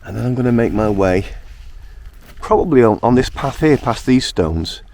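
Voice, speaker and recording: A man with a hoarse morning croak, chatting casually to camera outdoors while hiking. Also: medium pitch, moderate pace. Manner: chatty, relaxed, talks to camera. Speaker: vlogger. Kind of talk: casual outdoor vlog narration. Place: outdoors on open moorland.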